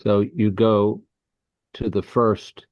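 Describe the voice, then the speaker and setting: A low-voiced man asks slow, careful questions in an online Latin class. His audio is dry and a little dull, as on a video call. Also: level tone, darkish tone, no echo. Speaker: student asking a question.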